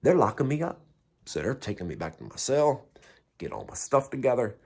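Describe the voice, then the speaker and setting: A man's voice: mid-range voice, big pitch swings, fairly quick, husky. A man telling a story in a casual way, blunt and heavily profane, and mocking himself. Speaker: vlogger recounting prison time.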